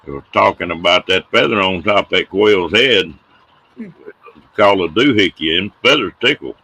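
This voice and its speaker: Deep, bright-toned storyteller man. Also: normal speed. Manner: folksy, drawling yarn-spinner who laughs at his own tales. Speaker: host telling stories. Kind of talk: casual storytelling on a live show.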